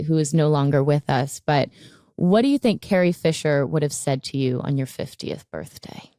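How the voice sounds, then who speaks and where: A woman with a very low voice hosting a podcast interview. She chats easily, laughs often and lets her questions wander. The sound is dry and close. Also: a little mellow, smooth, dry recording. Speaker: podcast host. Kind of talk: casual interview conversation.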